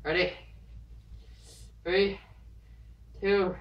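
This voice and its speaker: Filming at home, a vlogger doing viewer dares chats casually to camera, rambling and nervously counting down before each dare. The voice is mid-range and steady, with drawn-out words. The highs are cut off in the recording.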